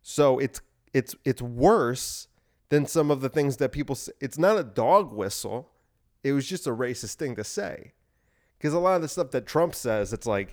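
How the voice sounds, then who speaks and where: A man's voice: medium pitch, a little mellow. A young man ranting sarcastically in a casual solo podcast, swearing often and using "like" a lot. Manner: ranting, profane, sarcastic, heavy on "like". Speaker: podcast host. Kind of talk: solo rant.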